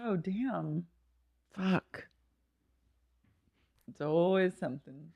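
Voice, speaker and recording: A woman's voice: fairly low pitch, extremely slow, creaky, darkish tone, no room sound. A woman co-hosting a podcast, chatting casually and bluntly about a reality show, laughing often and swearing. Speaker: podcast co-host. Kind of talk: casual gossip chat.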